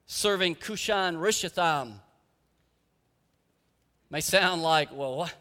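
A man's voice: a little high, takes it slowly, bright, forceful tone. A man preaching a sermon as pastor, earnest and emphatic, with rhetorical questions, in a church sanctuary. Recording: echoey hall with long reverb.

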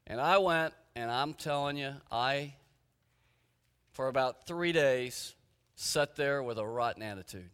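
Male pastor, storytelling sermon, crisp forceful voice with long hall echo. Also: mid-range voice, a little slow. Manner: storytelling, retelling conversations. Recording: reverberant hall.

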